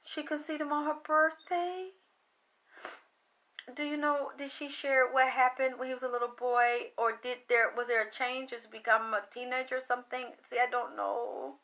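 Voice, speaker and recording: A woman's voice: sits high, flat delivery, normal speed, sharp tone. A tired woman talking to her livestream viewers, emotional and rambling, often trailing off into sighs. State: tired from late night. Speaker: psychic reader.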